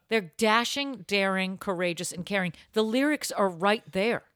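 A woman's voice: mid-range voice, animated, measured pace, fairly bright tone. A woman co-hosting a podcast, bantering through an improvised comedy sketch in a theatrical, playful way. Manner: theatrical, switching between singing and playful banter. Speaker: podcast co-host.

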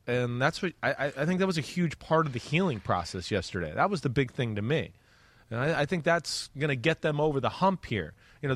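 A former player co-hosting a sports talk show, speaking in a loose, animated way. His voice is mid-pitched and recorded close and dry. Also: no room sound.

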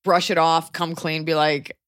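Blunt, animated woman podcast co-host. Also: low-pitched, unhurried, dry recording, clean studio sound. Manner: blunt, animated, jokey, swears. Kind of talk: casual advice podcast chat.

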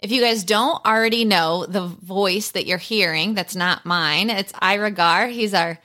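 A woman in her thirties hosts a podcast in a bright, sharp-toned voice. She talks in an upbeat, lighthearted and quick way, like casual chat with friends. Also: medium pitch. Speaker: podcast host.

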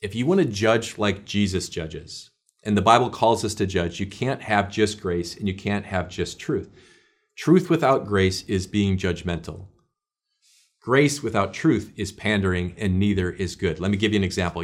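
A male pastor teaching a short devotional in an earnest, conversational way, with prayers. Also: deep voice.

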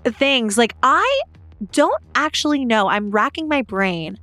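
A woman's voice: a little high, big pitch swings, slow pace, bright, forceful tone, no room sound. A young woman co-hosting a podcast, eagerly leading the story in casual chat. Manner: earnest, enthusiastic, leads the topic. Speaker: podcast co-host.

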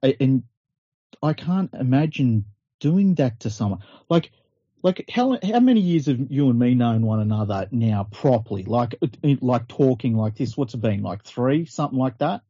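Podcast co-host, earnest and disbelieving, very dark husky voice, dry lo-fi sound. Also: male voice, mid-range voice, expressive, normal speed, dry recording. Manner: earnest, incredulous, sweary. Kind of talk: casual podcast chat. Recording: dry, dull lo-fi podcast audio.

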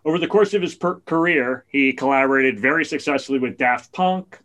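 A man in casual podcast chat, telling a story in an animated, excited way. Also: mid-range voice, brisk.

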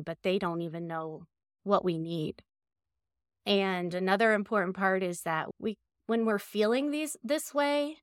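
A woman from Ohio talks through her coaching advice in an earnest, reflective way. Her voice sits in a middle pitch. It sounds dry and close, with no room around it. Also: no room sound. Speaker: guest, coach. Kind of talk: conversational interview advice.

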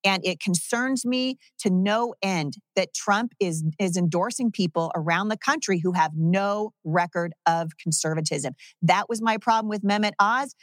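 A woman's voice: medium pitch, no echo, studio quality. A woman running for Congress, talking in an emphatic, indignant way on a talk show. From Southwest Washington state. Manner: emphatic, indignant, rapid-fire. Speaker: political candidate guest. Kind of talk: campaign talk-show interview.

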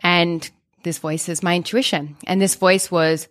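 Woman podcaster, thirties, low-ish voice, dry close mic, animated telling. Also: no echo. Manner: animated, fast, many restarts. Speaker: podcast co-host. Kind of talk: storytelling podcast chat.

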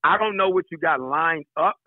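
Husky older man on a phone line. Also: a little high, normal speed, no room sound. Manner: animated, joking storyteller. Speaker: actor, guest. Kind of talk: casual interview chat.

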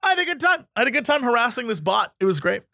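A young man hosting a podcast, telling a story in an animated, self-amused way with frequent laughter. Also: very high voice, rapid-fire, dry recording, clean studio sound. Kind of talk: casual storytelling chat.

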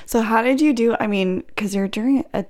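A woman's voice: fairly high pitch, a little mellow. A woman hosting a podcast, asking questions and cheering her guest on in casual chat. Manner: encouraging, quick interjections and questions. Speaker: podcast host.

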